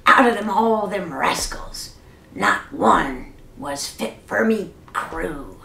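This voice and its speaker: A woman voicing a grumpy male pirate captain with gruff, blustery pirate talk, reading a children's storybook. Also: lowish voice, lively intonation, slow, sharp tone, echoey room, distant mic, exaggerated voice.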